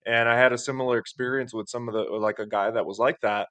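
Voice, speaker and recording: A man's voice: medium pitch, fairly even intonation, fast, dry recording. A man hosting a podcast, talking in a reserved, thoughtful way during casual conversation. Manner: reserved, soft-spoken, thoughtful. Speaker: podcast host.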